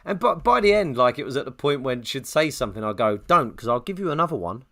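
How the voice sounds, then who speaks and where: A man co-hosting a podcast, telling a long anecdote and jumping into high quoted voices. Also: fast talker, over a noisy crowd. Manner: animated storyteller, jumps pitch for quoted voices. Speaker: podcast co-host.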